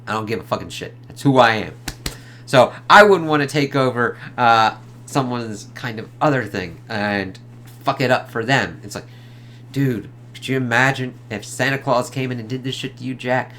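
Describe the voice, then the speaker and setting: A man's voice: medium pitch, moderate pace, pushed and bright. A man giving a casual, rambling film review, swearing freely and leaning on filler words.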